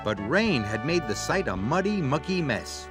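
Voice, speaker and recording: Male storyteller, slow, expressive, swooping melody, music in the background. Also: medium pitch. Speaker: narrator. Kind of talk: storybook read-aloud. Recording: read-aloud over background music.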